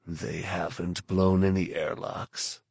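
A man doing a gruff, sardonic bounty hunter. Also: low voice, little pitch movement, takes it slowly, a little mellow, no echo, full character voice. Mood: curt. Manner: curt, dry, sardonic. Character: gruff, blunt male armored bounty hunter.

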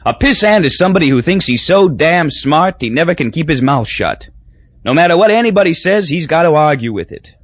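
Man doing a loud blustering drunk. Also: on the high side, sing-song, fairly quick, no room sound, voice pushed up. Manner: blustering, emphatic.

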